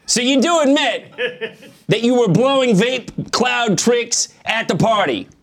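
A man questioning a witness in a mock courtroom game, mock-formal and halting, laughing as he goes. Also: very high voice, animated.

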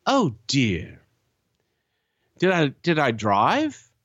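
A man's voice: on the high side, huge pitch swings, drawn-out words, a bit bright, no room sound, muffled recording, voice pushed up, heavily acted. A man voicing a polite, befuddled Englishman dazed after a night of drinking, speaking in a genteel, puzzled way. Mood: dismayed.

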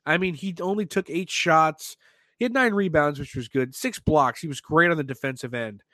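A man hosting a sports podcast, talking in an animated, excitable way with lots of restarts. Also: fairly high pitch, normal speed, no room sound. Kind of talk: casual sports talk.

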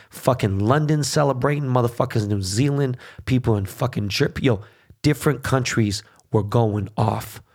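Male podcast host, mid-pitched voice, swearing nonstop in a fired-up rant. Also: a little mellow. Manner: heated, swearing constantly, repeats "okay?". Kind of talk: profane political rant.

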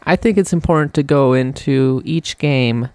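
A woman's voice: a bass voice, normal speed, darkish tone, no echo. A woman hosting a casual podcast chat, wry and teasing. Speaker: podcast host.

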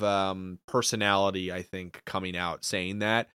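A man co-hosting a podcast, talking in an animated, profane, casual way. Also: on the low side, normal speed, clean tone, no room sound, studio quality. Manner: animated, profane, laughs often. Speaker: podcast co-host. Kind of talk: casual chat.

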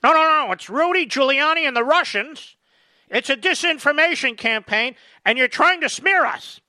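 A man's voice: animated, normal speed, bright, forceful tone, no room sound, exaggerated voice. A man doing a testy, whiny old politician. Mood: indignant whine. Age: older. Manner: whiny, indignant, high-pitched mockery. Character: testy elderly male politician, defensive and rambling.

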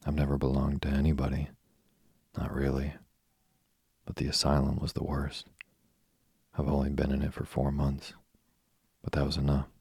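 A man's voice: very deep voice, completely flat delivery, normal speed, long pauses, a little mellow, breathy edge, no room sound, studio quality, heavily acted. A man reading as an eager chatterbox orphan girl. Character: chatty imaginative orphan girl, about eleven.

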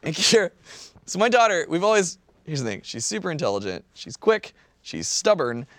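A man in his thirties telling a story in casual chat, animated and swearing, often breaking into laughter. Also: fairly high pitch, moderate pace.

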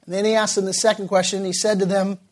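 A male pastor preaching a sermon, telling a story with many filler pauses and slowing down for emphasis. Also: sits high, little pitch movement.

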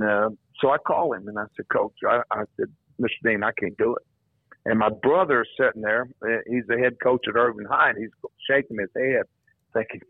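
An older man, once a football coach, rambles through stories as a guest on a phone-in radio show, repeating his words as he goes. His mid-range voice has a breathy edge, and the dry recording comes over a tinny phone line.

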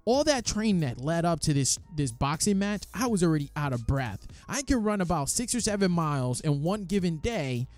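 A man casually telling the story of his amateur boxing match, lively and animated, acting out the quoted voices and swearing freely. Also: on the high side, normal speed, few pauses, faint music behind.

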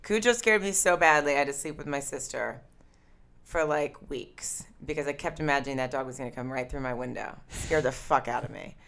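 Woman podcast co-host, low voice, casual and profane. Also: a little fast, a bit bright. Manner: casual, swears freely, reads listener questions.

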